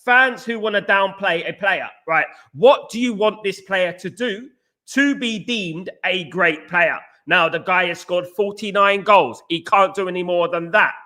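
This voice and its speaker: Bright, high-pitched, animated man. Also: unhurried. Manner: animated, repetitive, addresses viewers as guys. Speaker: fan channel host. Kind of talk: casual football chat livestream.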